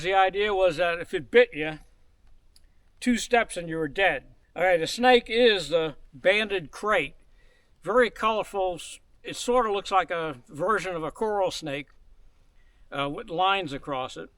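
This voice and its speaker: Brief: older man, high for his age, dry storyteller, very close and dry sound, outdoors. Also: animated, measured pace, fairly bright tone, clean tone, dry recording. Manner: dry storytelling, chuckles at his own jokes. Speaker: hiking guide. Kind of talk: casual outdoor chat. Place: outdoors in a forest.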